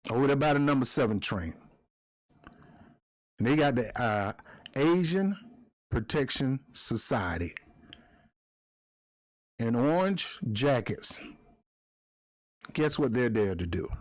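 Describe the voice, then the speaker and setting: A man's voice: mid-range voice, lively intonation, slow, pauses often. A man hosting his own commentary video, talking in an emotional, fired-up rant.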